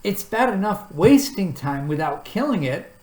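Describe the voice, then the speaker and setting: A woman voicing a gruff, impatient watchdog with a clock for a body, growling and scolding in a storybook reading. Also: medium pitch, big pitch swings, normal speed, darkish tone, pitched above the performer's own voice, close to an everyday voice. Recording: echoey room, faint background hum.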